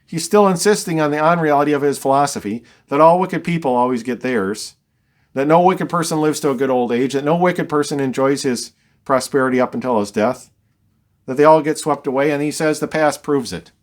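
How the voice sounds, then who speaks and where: A man's voice: on the high side, a little fast. A man teaching a verse-by-verse Bible study, reading scripture and explaining it conversationally with dry, wry asides.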